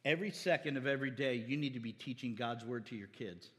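Bright-voiced preacher exhorting in a hall. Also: male voice, medium pitch, quick pace. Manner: exhorting, calls for amens, quotes scripture. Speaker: pastor. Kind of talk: sermon. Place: church hall. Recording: reverberant church hall.

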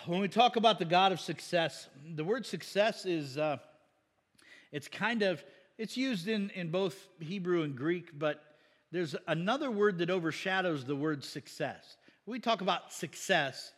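A man delivering a sermon in a loose, conversational way, tossing in asides and chuckles. His voice sits a little higher than most men's. A long reverb trails each phrase, as in a big hall. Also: animated, unhurried. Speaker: pastor.

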